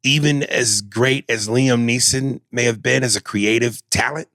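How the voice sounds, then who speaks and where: A man's voice: mid-range voice, steady tone, fairly bright tone, dry recording, studio quality. A man co-hosting a podcast in casual comedic chat, crude and joking. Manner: crude, joking, quick to riff. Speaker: podcast co-host.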